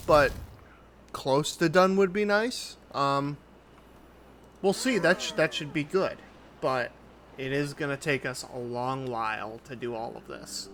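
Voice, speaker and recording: A man giving casual commentary on his own gameplay, thinking aloud as he builds in a relaxed way. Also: fairly high pitch, a little slow, a little hiss or hum. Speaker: gaming YouTuber. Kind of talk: casual let's-play commentary.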